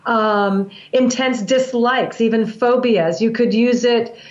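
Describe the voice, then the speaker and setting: Higher-voiced woman explaining breathwork. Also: echoey room, highs cut off. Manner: calm, measured explaining with frequent restarts. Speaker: breathwork practitioner. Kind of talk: explanatory interview talk.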